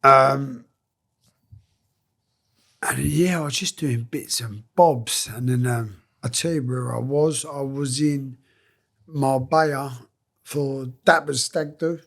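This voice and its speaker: A man's voice: mid-range voice, steady tone, slow, vocal fry, long pauses, fairly bright tone. A man guest on a podcast, telling work stories in casual, swearing, laughing banter full of slang. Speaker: podcast guest, former scaffolder and boxer. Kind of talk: casual storytelling chat.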